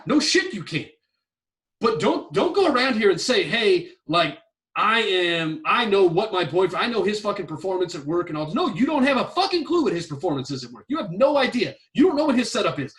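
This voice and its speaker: Profane ranting man, high lively voice. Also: far from the mic. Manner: profane, emphatic, repetitive ranting. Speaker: podcast host giving relationship advice. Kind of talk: blunt advice-show rant.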